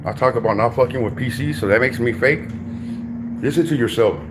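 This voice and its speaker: A man's voice: medium pitch, brisk, background noise. A man in a heated livestream rant from home, confrontational, repeatedly calling the listener dog and my boy.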